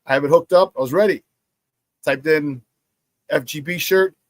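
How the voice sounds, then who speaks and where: Hosting a laid-back sports talk show, a man pitches merchandise between stories, dramatizing the quotes as he goes. He speaks at a normal speed in a slightly high voice. The audio has no echo.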